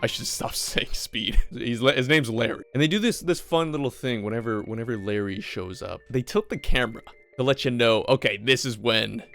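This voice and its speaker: A man's voice: medium pitch, normal speed, gravelly, soft background music. A man recapping a movie in a casual, joking, profane way. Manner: swearing, joking, animated.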